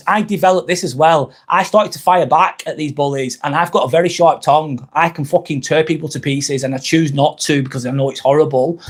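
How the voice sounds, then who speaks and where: Blunt, sweary man, fairly high voice. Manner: confessional, reads viewer comments aloud. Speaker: live-stream host. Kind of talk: candid live-stream chat.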